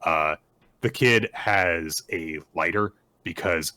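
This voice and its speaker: A man's voice: deep voice, animated, sharp tone, dry recording. A man hosting a podcast, casually recapping a manga chapter in a rambling way, with fillers and the odd swear. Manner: rambling retelling with fillers and profanity; plays characters' lines in quick put-on voices. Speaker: podcast host.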